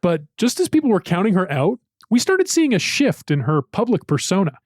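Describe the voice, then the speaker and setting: A man, the show's producer, narrating a scripted recap in a steady, explanatory way. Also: sits high, a little fast, no room sound, clean studio sound. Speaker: podcast producer.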